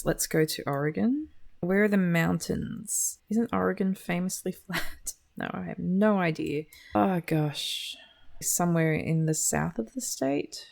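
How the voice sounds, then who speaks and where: Woman, low creaky voice, sardonic gameplay commentary. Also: darkish tone. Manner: dry, wry and sarcastic. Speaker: gaming video creator.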